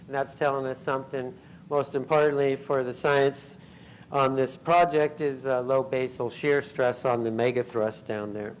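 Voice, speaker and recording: A man giving a scientific conference talk, pausing often with ums and uhs and clearing his throat. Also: medium pitch, steady tone, slight background noise, low-quality recording. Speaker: conference speaker. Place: convention center hall.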